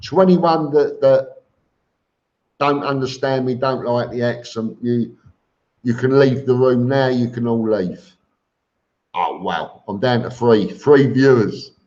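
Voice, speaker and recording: A man's voice: medium pitch, darkish tone. A middle-aged man with a Cockney accent, chatting bluntly as he reads out viewer comments on a live stream. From England. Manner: blunt, plain-spoken, with many ums and repeated words. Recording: dull lo-fi stream audio.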